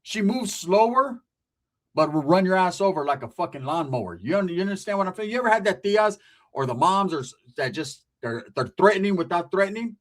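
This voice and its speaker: A man hosting his channel, telling a comic family story in profane, slangy, animated talk. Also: high voice, fairly quick. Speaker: comedic storyteller, channel host. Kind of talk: casual comedic storytelling.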